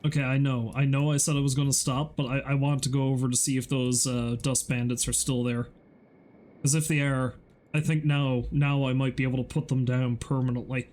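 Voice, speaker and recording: A man's voice: medium pitch, flat delivery, a little fast, darkish tone. A man streaming a video game, chatting casually and profanely, with a self-mocking manner. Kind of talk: casual gameplay commentary.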